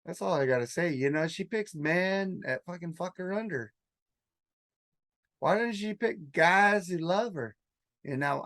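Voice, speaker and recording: A man's voice: sits high, animated, measured pace, fairly bright tone, no echo. A man co-hosting a podcast in casual chat, crude and joking as he rambles. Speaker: podcast co-host.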